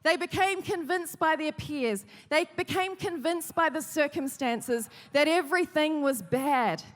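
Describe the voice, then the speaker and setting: A woman preaching a sermon, telling stories with lively, rising emphasis. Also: sits high, big-room sound. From New Zealand. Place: large hall.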